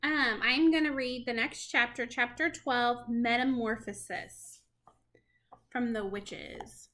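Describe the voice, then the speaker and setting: Woman, storybook read-aloud to kids, expressive, dramatic, high voice. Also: takes it slowly. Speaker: reader to children.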